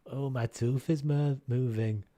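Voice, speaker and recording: A man's voice: mid-range voice, steady tone, unhurried, dark tone, dry recording, natural voice. A man reading game lines aloud in a put-on voice for a fretful male crash survivor, stammering as he goes. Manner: hammy, stammering read-aloud.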